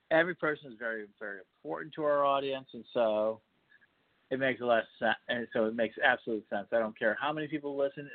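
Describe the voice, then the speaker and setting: Hosting a laid-back interview podcast, this Chicago man speaks at a medium pitch, wandering through his thoughts with lots of fillers and false starts. There's no room sound, just a dry, tinny phone-line quality.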